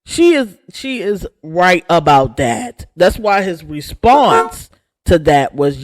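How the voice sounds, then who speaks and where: A woman rants with sarcastic sass as the host of a gossip channel. She takes her time over her words, and her pitch leaps up and down with every jab. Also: slow pace. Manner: sassy, sarcastic, animated. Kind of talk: casual gossip rant.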